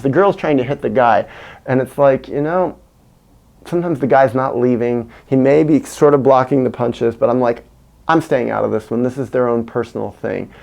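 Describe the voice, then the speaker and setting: Male vlogger, mid-pitched, fry in the voice, candid and searching, restarts as he thinks aloud. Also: a little mellow. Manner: candid, earnest, searching for words. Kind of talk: reflective personal monologue.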